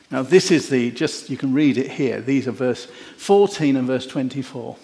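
A man preaching a sermon, telling the story in an animated way with wry jokes. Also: medium pitch, moderate pace, creaky, few pauses. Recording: echoey hall.

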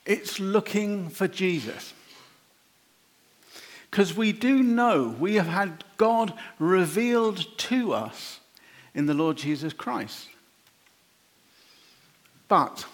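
A man preaching an informal, chatty sermon, animated and quick to laugh. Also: a little high, slightly rough.

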